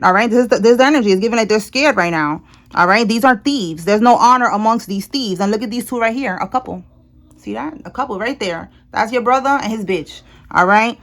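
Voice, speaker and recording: Tarot reader, woman, a little high, blunt and emphatic, swears casually, chatty delivery. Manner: blunt, emphatic, swears freely, repeats "all right?". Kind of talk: casual tarot reading to viewers. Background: people talking in the house.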